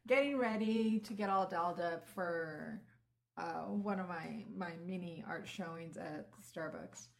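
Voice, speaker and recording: A woman's voice: fairly low pitch, measured pace, vocal fry. A young adult woman in casual chat, telling a rambling story and laughing easily.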